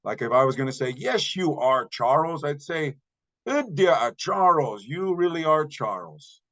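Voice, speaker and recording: A man's voice: medium pitch, animated, fairly bright tone, lo-fi sound. Patient man teaching a language lesson. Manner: patient, slow repetition of example words; spells out grammar step by step.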